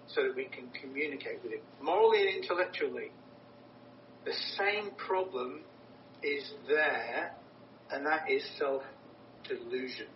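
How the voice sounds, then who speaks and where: Earnest male preacher in a roomy hall. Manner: earnest, emphatic, repeats words for stress. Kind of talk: sermon. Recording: roomy, distant, dull with low rumble.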